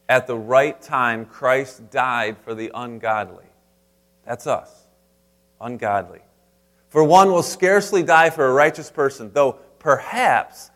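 A man preaches a sermon at an everyday middle pitch. He rises to loud, emphatic lines and then drops to soft, hushed asides. He keeps turning to the congregation with direct questions. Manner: speaks straight to the congregation with questions. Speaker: pastor.

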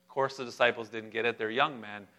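A young adult man preaching a sermon as pastor, animated and humorous, speaking directly to his congregation. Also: medium pitch, fast.

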